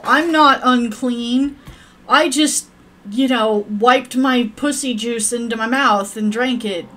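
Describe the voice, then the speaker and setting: A woman's voice: fairly high pitch, fairly bright tone. A woman streaming a game, rambling to her viewers and cursing at her characters in crude, profane chat. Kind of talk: casual gameplay commentary.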